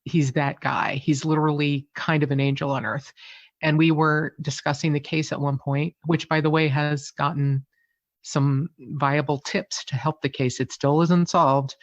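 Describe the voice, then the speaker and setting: A woman's voice: low voice, no echo, muffled recording. A woman who hosts a true crime podcast, talking as a guest in a candid interview, frank and emotional, self-deprecating and swearing casually.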